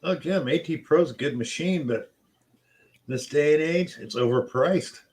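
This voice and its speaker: A man's voice: fairly high pitch, unhurried, a little mellow. An agreeable man co-hosting a live stream. He chimes in with short remarks and greets viewers. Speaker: stream co-host. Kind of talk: casual live stream chat.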